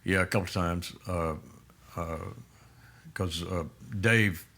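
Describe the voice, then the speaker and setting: Deep-voiced man telling a rambling story. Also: steady tone, pushed and bright. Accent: Texas. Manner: rambling, halting storyteller with many restarts. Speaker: musician guest. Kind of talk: storytelling in a casual interview.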